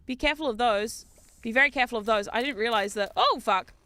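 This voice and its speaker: A woman with a New Zealand accent giving casual gameplay commentary as a streamer. She talks loudly and excitably and swears a lot. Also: on the high side, fast, no echo. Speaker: VTuber streamer.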